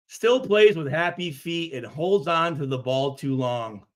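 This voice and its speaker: A man's voice: on the high side, measured pace, few pauses. A man reading and reacting to viewer comments, cursing freely, stuttering and restarting his sentences. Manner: profane, animated, repeats himself.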